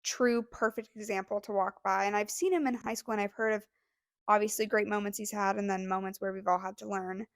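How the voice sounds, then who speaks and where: A woman's voice: medium pitch, fairly even intonation, brisk, no echo. A young woman co-hosting a podcast, telling a story in a casual, gushing way with many fillers, close to tears. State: near tears. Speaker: podcast co-host.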